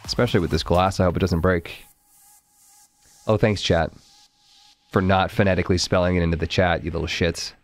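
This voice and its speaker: A man's voice: deep voice, steady tone, a little fast, long pauses, no room sound, faint music behind. A man from Arkansas streaming a card game, chatting to his viewers in a wry, profane way. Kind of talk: casual live-stream game commentary.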